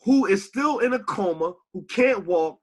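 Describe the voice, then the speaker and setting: Animated, profane man on a podcast. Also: sits high, a little slow. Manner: animated, profane, rises to shouts when angry. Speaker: podcast co-host. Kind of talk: heated casual podcast talk.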